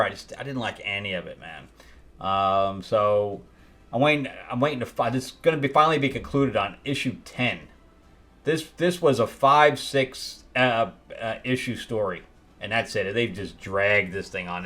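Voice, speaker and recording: A man's voice: mid-range voice, a bit bright. A man hosting a casual comic book review, rambling and laughing at his own retellings.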